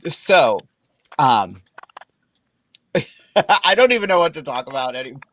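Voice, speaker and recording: A man's voice: fairly high pitch, big pitch swings, measured pace, fairly bright tone, rough recording. A man hosting a casual chat, playful and chatty. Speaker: host, drag queen.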